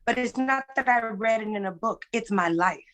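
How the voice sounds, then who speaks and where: A woman's voice: on the high side, moderate pace, fairly bright tone. A woman speaking as a guest in a candid conversation, earnest and emphatic, often checking in with "right?". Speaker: guest, musician.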